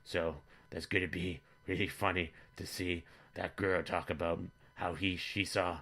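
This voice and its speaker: A man with a very low voice and a bright, forceful tone delivers a comic monologue as a father character. He rambles through it in a flat, matter-of-fact deadpan. He keeps a dry, plain delivery throughout. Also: measured pace. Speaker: comedy vlogger in character as a father.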